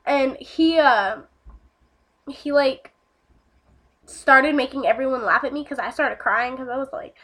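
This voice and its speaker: High-voiced young woman telling a story. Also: a little slow, pauses often, fairly bright tone. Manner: rambling, heavy on fillers and swearing. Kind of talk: casual storytime vlog.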